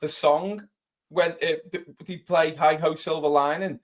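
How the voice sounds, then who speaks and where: A man's voice: a little high, fairly even intonation. A man co-hosting a football fan podcast, chatting eagerly and chiming in with agreement. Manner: eager, quick agreeing interjections. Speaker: podcast co-host. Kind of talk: casual chat.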